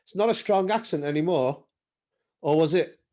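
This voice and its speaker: A man's voice: normal speed, mellow. A man from North Wales with a northern English accent and a Scouse twang, hosting a casual podcast interview, chatty and asking questions. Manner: chatty, asks questions with rising pitch. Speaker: podcast host.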